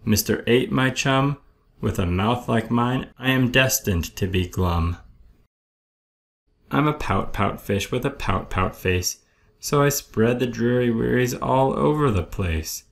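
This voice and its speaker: Mopey storybook fish, gravelly and slow, sing-song rhymes, as a dad reads him. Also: male voice, medium pitch. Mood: glum. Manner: sing-song rhyming, drawn-out blubs. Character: glum grumpy male pout-pout fish.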